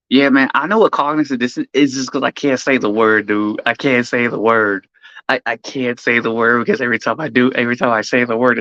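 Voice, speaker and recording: A man's voice: on the low side, no echo, lo-fi sound. A man ranting casually to his live chat, swearing constantly and restarting his sentences as he goes. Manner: profane, rambling, animated rant with frequent restarts. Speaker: streamer.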